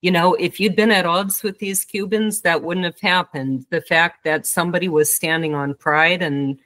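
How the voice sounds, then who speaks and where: Middle-aged woman, podcast host, lowish voice, dry close mic, affirming listener. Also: fairly even intonation, moderate pace, a bit bright, no echo. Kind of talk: interview.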